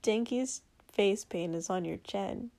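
A woman voicing a gentle, cheerful young man who speaks mildly and carefully. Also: fairly high pitch, lively intonation, slow, dry recording. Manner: mild, careful, hesitant.

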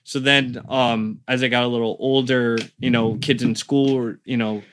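A man's voice: medium pitch, steady tone, normal speed, a bit bright, a little hiss or hum. A young man from Connecticut chatting casually as a podcast guest, rambling with lots of fillers. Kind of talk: casual chat.

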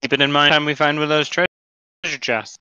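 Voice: medium pitch, steady tone, fast, pushed and bright, clear, resonant tone, no echo, lo-fi sound. A player chatting casually during a tabletop game, joking and trailing off.

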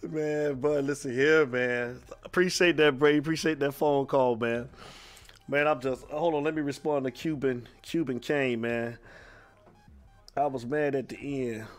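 A man's voice: mid-range voice, steady tone, a little slow. A man hosting a sports talk show, taking calls and reading messages in a loose, streetwise manner, saying "man" over and over.

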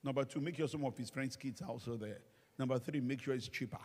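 A male pastor with a mid-range, slightly rough voice preaches a humorous sermon at a quick pace. His storytelling is animated, full of acted-out quoted voices. Recorded in a church hall, the sound carries a large hall's long reverb.

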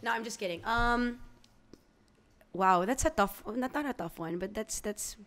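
A woman's voice: fairly high pitch, a little slow. Chatty woman guest, stammering. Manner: warm, stammering restarts, laughs often. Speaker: podcast guest. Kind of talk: candid conversational interview.

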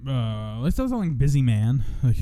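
A man's voice: mid-range voice, very animated, normal speed, mellow, no echo. A young man hosting a radio show in casual chat, rambling and self-mocking, now and then breaking into joking country singing.

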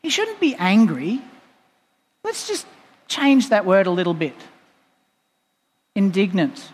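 A man's voice: high voice, huge pitch swings, slow pace, slightly rough. A male pastor preaching a sermon in a church, explaining in a conversational way with playful asides. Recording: long reverb in a church hall.

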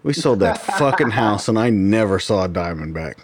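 Low-voiced man, lively casual chat. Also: normal speed, a crowd in the background. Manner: self-deprecating, laughs easily. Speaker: show host.

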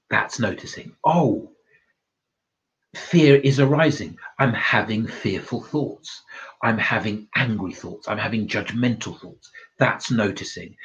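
A man giving a casual self-development talk, blunt and swearing freely, laughing at his own points. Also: lowish voice. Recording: dull lo-fi recording.

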